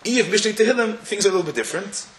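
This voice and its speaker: A man's voice: sits high, expressive, rapid-fire. A man giving a Torah class in a synagogue, explaining step by step and chanting verses aloud. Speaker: Torah teacher. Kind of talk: lecture-style shiur. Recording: echoey room with faint noise.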